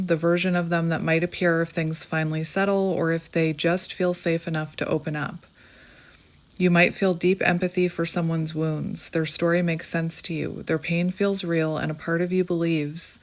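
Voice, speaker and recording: A woman giving an earnest, emotional tarot reading to the viewer, reassuring them and reading passages aloud. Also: on the low side. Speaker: tarot reader.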